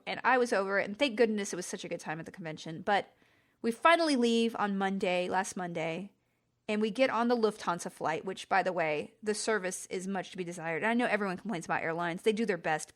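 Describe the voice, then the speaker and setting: A middle-aged woman hosting a podcast, telling a travel story in a chatty, exasperated way and jumping up in pitch for emphasis. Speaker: podcast host. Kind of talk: casual storytelling monologue.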